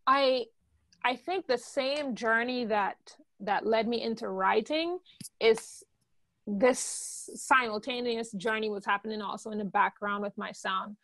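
A woman's voice: fairly high pitch, unhurried, a bit bright, dry recording. A woman with a Guyanese accent speaks in a slightly raised register, sharing her own experience in a candid, reflective way. The recording is dry, with no room sound. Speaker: guest songwriter. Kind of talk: podcast interview.

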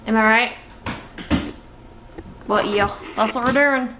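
Giggly high-voiced young woman vlogging. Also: takes it slowly, background noise. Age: young adult. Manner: giggly, chatty. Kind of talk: casual vlog.

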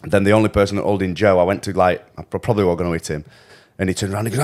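A man, a podcast host telling animated stories in casual chat, swearing and laughing as he goes. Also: sits low, very fast, hardly any pauses.

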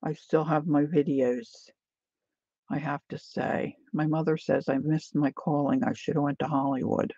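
A woman's voice: low-pitched, fairly even intonation, normal speed, dark tone, slightly rough, dry recording, lo-fi sound. A woman hosting a casual painting tutorial, chatty and often drifting into side stories as she works.

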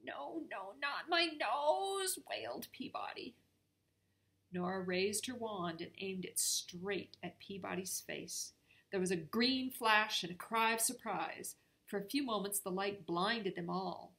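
A woman reading a children's storybook aloud in a calm, measured way. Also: mid-range voice, creaky.

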